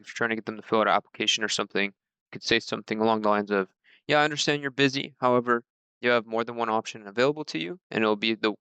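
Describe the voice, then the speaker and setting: A man's voice: on the low side, pushed and bright, clear, resonant tone, no room sound. A man giving a casual training talk on handling client objections, loose and conversational, lifting his voice when reading out sample scripts. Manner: reads sample scripts in a slightly raised voice. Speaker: mortgage sales trainer.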